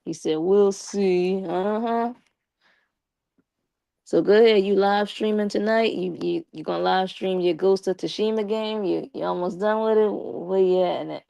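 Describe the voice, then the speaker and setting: A woman's voice: medium pitch, moderate pace, creaky, dark tone, no echo. A young woman live streaming and chatting casually with her viewers, slangy and talkative, with a slight lisp from her braces. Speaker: live streamer talking to chat.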